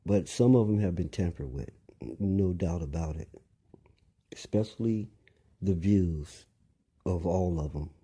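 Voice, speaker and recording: A man's voice: low-pitched, unhurried, long pauses, mellow, slightly rough. A man delivering a rambling monologue, lecturing listeners, repeating phrases and asking them pointed questions.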